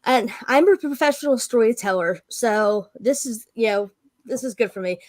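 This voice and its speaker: A woman's voice: fairly high pitch, moderate pace. A woman talking as a guest in a casual chat, playful with dry humor and chuckles. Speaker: guest, reseller.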